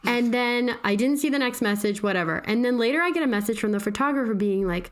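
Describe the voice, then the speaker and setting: A woman's voice: fairly high pitch, lively intonation, brisk, few pauses. A woman in her thirties co-hosting a podcast, telling a story in a casual chat and acting out the texts she quotes. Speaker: podcast co-host.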